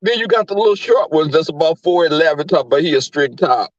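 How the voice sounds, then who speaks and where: A man's voice: on the high side, lively intonation, quick pace, no room sound, dull audio. A man with a Southern US accent hosting a livestream, chatting with viewers in a brash, profane, camp manner. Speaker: livestream host. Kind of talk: casual chat with live viewers.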